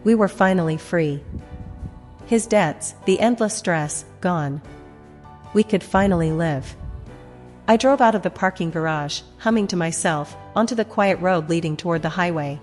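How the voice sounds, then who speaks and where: A woman narrating a first-person dramatic story in a measured voice with heavy pauses. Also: fairly low pitch, a little mellow. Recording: long reverb, music behind.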